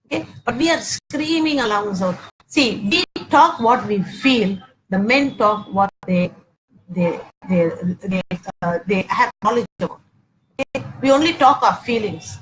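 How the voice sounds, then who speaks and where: In this poorly recorded clip with slight background noise, a woman in her forties delivers a teaching sermon on Christian marriage. Her voice is a little high, animated and unhurried, with a fairly bright tone. She repeats her points often, says "okay" constantly, and acts out household arguments.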